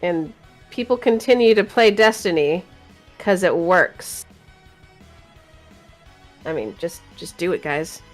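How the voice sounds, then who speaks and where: A woman's voice: lowish voice, lively intonation, slow, pauses often, faint music behind. A woman co-hosting a casual gaming talk show, chatty and teasing, laughing often. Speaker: podcast co-host.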